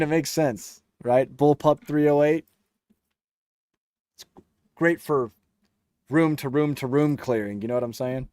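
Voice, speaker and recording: Joking man with a dark, dry voice. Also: medium pitch, no room sound. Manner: joking, teasing viewers, laughs often. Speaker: livestream host reading chat. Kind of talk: casual livestream chat.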